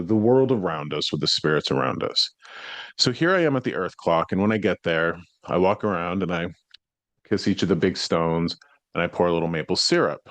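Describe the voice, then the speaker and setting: A man hosting a podcast, telling a story in a casual, conversational way that grows animated as he retells what happened. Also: deep voice, no room sound. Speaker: psychic medium podcast host.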